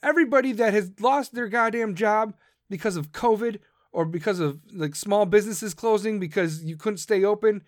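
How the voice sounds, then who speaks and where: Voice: mid-range voice, moderate pace, no echo, clean studio sound. A podcast host delivering a profane, combative political rant.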